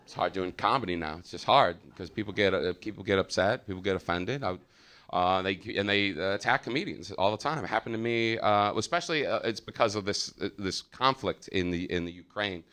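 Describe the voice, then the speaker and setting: A man with an American accent doing live stand-up, loud and profane, with a lot of filler uhs. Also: lowish voice, a little fast. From United States. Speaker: stand-up comedian. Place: comedy theater stage.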